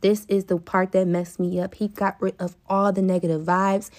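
A young woman giving a casual, hyped Bible talk, chatty and quick to laugh. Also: medium pitch, flat delivery, darkish tone. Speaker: faith vlogger.

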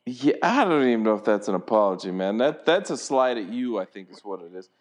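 A man's voice: lowish voice, big pitch swings, brisk. A man co-hosting a talk show, ranting bluntly and mocking people with crude language. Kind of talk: profane rant on a talk show.

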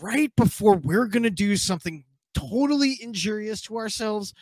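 A man's voice: high-pitched, moderate pace, a little mellow, no room sound. A man from New York with a New York accent, co-hosting a casual podcast and joking along with the others. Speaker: podcast co-host. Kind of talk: casual chat.

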